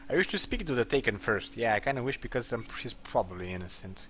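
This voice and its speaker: A man's voice: medium pitch, sing-song, quick pace, few pauses, fairly bright tone. A man giving casual let's-play commentary, thinking aloud and chuckling as he plays. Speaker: gameplay commentator.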